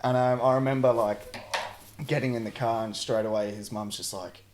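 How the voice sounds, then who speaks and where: A young man with an Australian accent hosting a casual podcast, telling stories in a relaxed way, full of "like" and swearing. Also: mid-range voice, moderate pace, slight background noise. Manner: relaxed, laid-back storytelling with frequent "like" and swearing. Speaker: podcast host. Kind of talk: casual chat.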